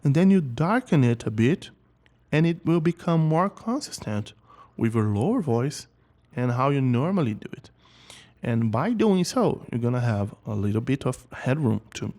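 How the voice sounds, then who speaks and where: A man's voice: on the low side, a little mellow. A man teaching singing in a casual video lesson, often repeating words as he talks, and now and then singing short example notes.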